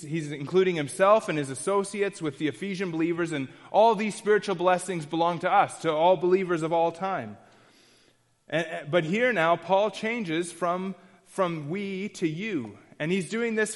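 A man's voice: sits high, big-room sound. A man preaching an expository sermon in an earnest, emphatic way, repeating key phrases and restarting often.

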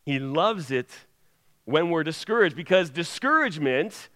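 A man's voice: fairly high pitch, expressive, measured pace, fairly bright tone. A man preaching a sermon with an emphatic delivery that rises and falls. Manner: emphatic, rising and falling delivery. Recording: long hall reverb.

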